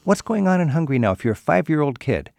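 A man's voice: fairly high pitch, very animated, fast talker, vocal fry, a little mellow, no echo, faint music behind. A man hosting a radio travel show, asking curious, upbeat questions. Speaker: radio host. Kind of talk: radio interview.

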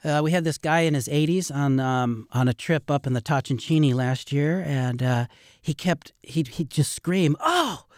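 A man's voice: fairly high pitch, moderate pace, darkish tone, no room sound, studio quality. A middle-aged man, a river rafting guide, telling stories earnestly and ramblingly in a radio interview.

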